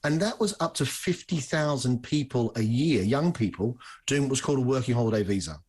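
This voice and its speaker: Aussie guy in his 50s, kinda husky, chatty and excited as a guest. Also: medium pitch, brisk. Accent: Australian. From Australia. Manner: upbeat, enthusiastic. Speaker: studio guest. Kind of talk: casual interview chat.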